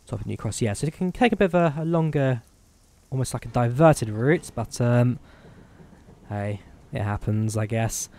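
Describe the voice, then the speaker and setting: A young man speaks at a mid pitch, his accent a blend of Midlands English and Eastern European. He chats loosely and rambles, pokes fun at himself, and talks through each moment as he plays. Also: a little mellow. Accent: Midlands English mixed with Eastern European. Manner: chatty, rambling, self-deprecating. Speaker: streamer. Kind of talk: casual gameplay commentary.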